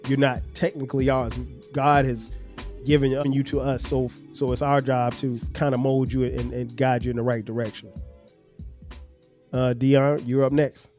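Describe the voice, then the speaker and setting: A middle-aged man hosts a family podcast and reflects earnestly on being a father. He explains at length, often restarting his sentences, in a mid-range voice. Soft music plays faintly behind him. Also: mid-range voice, level tone, moderate pace.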